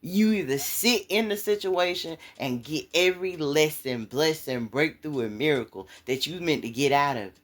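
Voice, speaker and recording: A woman's voice: low-pitched, moderate pace, hardly any pauses. A woman giving a casual, conversational talk of faith encouragement, repeating phrases over and over for emphasis. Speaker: inspirational speaker.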